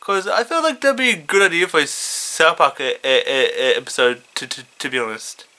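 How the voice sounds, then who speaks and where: A man's voice: fairly high pitch, expressive, bright, forceful tone. Stuttering man reading his fan story. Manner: halting, stuttering, many fillers. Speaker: fan fiction reader.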